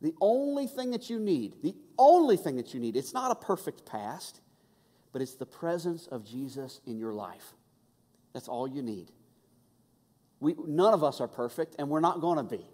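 A man preaching a conversational, animated sermon and acting out the voices he quotes. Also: on the high side. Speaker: pastor. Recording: long hall reverb.

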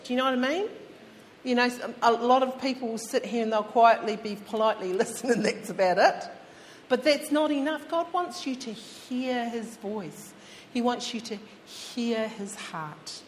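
A woman preaching a sermon in a chatty storytelling way, speaking straight to her listeners. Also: fairly high pitch. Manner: chatty, addresses listeners directly. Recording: long hall reverb, faint background hum.

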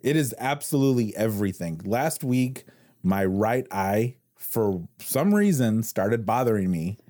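A man in his forties hosting a podcast, telling relaxed stories and chuckling at himself. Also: lowish voice, measured pace. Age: 40s. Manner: easygoing storyteller, chuckles at himself. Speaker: podcast host. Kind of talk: casual chat.

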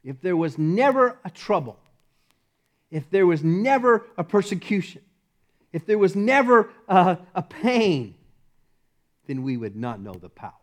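A middle-aged male pastor delivering a sermon in a slightly high voice. He moves between loud, emphatic commands and quiet, hushed phrases, often laughing between points. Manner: animated, swings from loud emphasis to soft near-whisper, laughs often.

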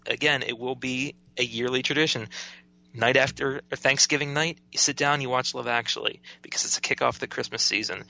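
A man's voice: medium pitch, vocal fry, sharp tone, muffled recording. A man co-hosting a casual film podcast, defiant and enthusiastic about his favourites. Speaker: podcast co-host.

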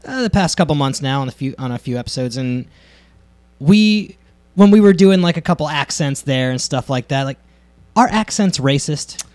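A man's voice: a little high, expressive, moderate pace, a little mellow, no echo. A man hosting a casual podcast who chimes in with short agreeing remarks and poses questions to his co-hosts. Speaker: podcast host.

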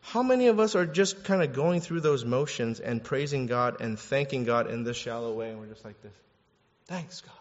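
A man preaching a sermon in a lively, conversational way, acting out quotes and repeating words as he goes. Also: mid-range voice, brisk, hardly any pauses. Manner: animated, conversational, acts out quotes, restarts words. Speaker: pastor. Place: church hall. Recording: echoey hall, dull sound.

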